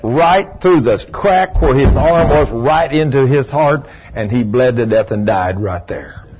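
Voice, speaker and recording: A man's voice: mid-range voice, unhurried, slight background noise. An older man preaching a sermon, telling stories and acting out the voices in them. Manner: animated storytelling, acting out voices. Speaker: pastor. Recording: dull lo-fi recording.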